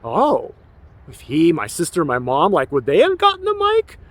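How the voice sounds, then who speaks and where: A man's voice: on the high side, wildly swooping pitch, moderate pace, a bit bright. A man in his forties, an activist, delivering an emotional, rambling personal documentary monologue with an aggrieved tone. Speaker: activist and filmmaker.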